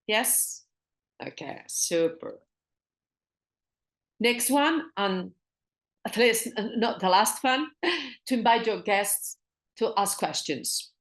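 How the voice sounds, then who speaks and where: A woman with a Spanish accent teaching a business English lesson online, repeating phrases slowly and switching into Spanish to explain. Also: on the high side, lively intonation.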